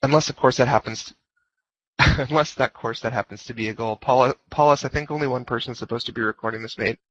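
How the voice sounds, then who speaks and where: A man leads an informal lecture in a mid-range voice, relaxed and joking as he hammers home his main points. The sound is dry and dull, like a headset over voice chat. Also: mid-range voice, fast talker, no room sound. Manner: conversational, jokey, repeats key points. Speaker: guest lecturer on fleet command.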